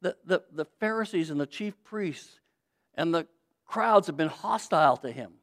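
A middle-aged man preaching a sermon, explaining scripture and swinging from loud emphasis to quiet asides. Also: on the high side, animated, normal speed. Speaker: pastor.

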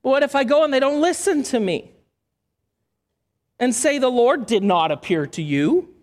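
A man reading the part of an anxious, doubting man, with rushed and worried questions. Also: extremely high pitch, expressive, long reverb tail, pitched above the performer's own voice.

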